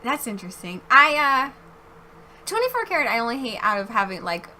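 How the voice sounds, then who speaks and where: A young woman hosting a casual podcast chat, bubbly and quick to laugh. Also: on the high side, sing-song, bright, forceful tone, slight background noise. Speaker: podcast host. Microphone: streaming mic.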